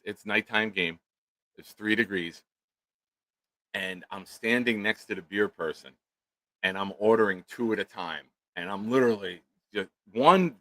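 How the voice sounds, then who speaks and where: A middle-aged man, a co-host telling a profane, comedic story in loud, animated rants. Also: on the low side, no echo, poor audio. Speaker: podcast co-host.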